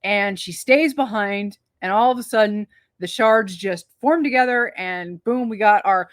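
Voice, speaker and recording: A chatty woman talks through a film review, rambling along with quick asides and restarts. Her pitch sits in the middle range. The recording is dry and close, with no room sound. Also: no echo. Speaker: co-host of a movie review show. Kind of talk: casual movie review chat.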